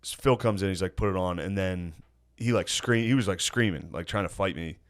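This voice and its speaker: A man in his thirties telling stories on a casual podcast, laughing often, swearing freely and breaking into loud impressions of his dad. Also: low-pitched, normal speed. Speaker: podcast co-host.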